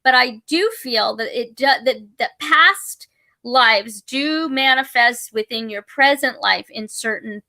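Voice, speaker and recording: Bright-voiced woman telling a rambling story. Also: fairly high pitch, dry recording. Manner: rambling, full of restarts and fillers, animated retelling. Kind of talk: casual storytelling chat.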